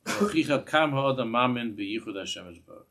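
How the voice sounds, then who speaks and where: A man's voice: mid-range voice, expressive, a little fast, a bit bright. A man, a rabbi giving a class in a synagogue, earnest, restarting phrases and mixing in Hebrew terms. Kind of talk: sermon.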